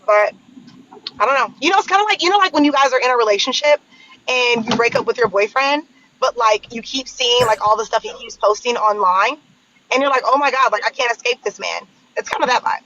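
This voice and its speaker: A woman's voice: on the high side, fairly quick, bright, forceful tone, lo-fi sound, a little hiss or hum. A woman chatting on a live stream as a contestant guest, rambling and talkative. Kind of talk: casual live-stream chat.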